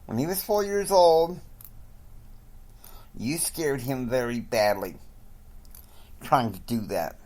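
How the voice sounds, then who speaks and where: A protective mother scolding her husband, slow and reproachful, as a man retelling the story voices her. Her pitch lifts a little above his usual talk. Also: darkish tone. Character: worried mother, firm and protective.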